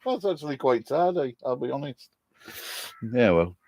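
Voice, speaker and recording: A man's voice: mid-range voice, big pitch swings, normal speed, no room sound, muffled recording. A man, a bit tipsy, chatting casually on a live stream from his shed and greeting viewers by name. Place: garden shed.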